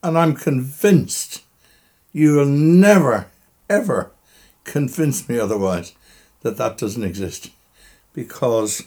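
A man's voice: mid-range voice, animated, slow pace, pauses often, a little mellow. Breathless, emotional man in his seventies. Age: 70s. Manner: reflective, chuckling, choked up at times. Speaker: interviewee. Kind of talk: bedside podcast interview. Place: bedroom, recorded from bed. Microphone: microphone resting on the bedsheet.

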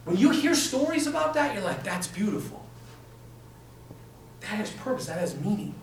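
A young man teaching a class in a lively, animated way, talking to his students as "man" and "you guys.". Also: sits high, brisk, vocal fry, slight background noise. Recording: echoey room, mic from a distance.

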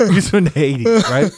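A man's voice: high-pitched, no room sound, clean studio sound. A man hosting a casual chat, laughing often and swearing casually as he plays back recordings. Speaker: podcast host playing back recordings.

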